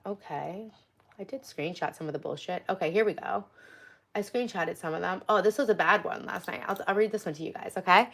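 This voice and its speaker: A woman's voice: on the low side, brisk, gravelly, a bit bright. A young woman hosting a casual livestream, reading out chat and dating-app messages with a sarcastic, swearing manner. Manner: sarcastic, profane, reads chat and messages aloud. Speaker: livestream host.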